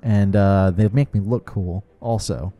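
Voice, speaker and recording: A man's voice: on the low side, unhurried, warm tone, no room sound. A man casually talking through a video game as co-host, good-humored and loose, often restarting his sentences. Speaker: co-host showing gameplay. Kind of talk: casual gameplay commentary.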